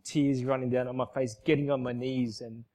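A man giving an emotional church testimony, emphatic and repetitive, swinging from loud outbursts to soft, hushed lines. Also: mid-range voice, flat delivery, normal speed. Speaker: speaker giving a personal testimony.

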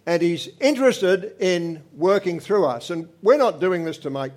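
An older man gives a personal testimony to a church congregation at a moderate pace, his voice sitting a bit high. An earnest storyteller, he swings between animated moments and quiet ones.

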